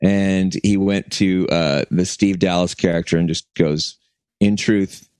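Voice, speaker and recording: A man's voice: low-pitched, fairly even intonation, unhurried, a little mellow, clear, resonant tone, no echo. A man co-hosting a podcast, chatting casually and rambling with many restarts. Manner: rambling, lots of restarts and fillers. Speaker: podcast co-host. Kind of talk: casual chat.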